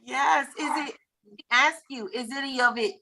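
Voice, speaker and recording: A woman on a video call hosts an open mic, her bright, clear voice gushing with praise. She talks slowly and warmly drawn out, and laughs easily between words. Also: high voice, low-quality recording. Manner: effusive, gushing, laughs often. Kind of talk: casual chat on a video call.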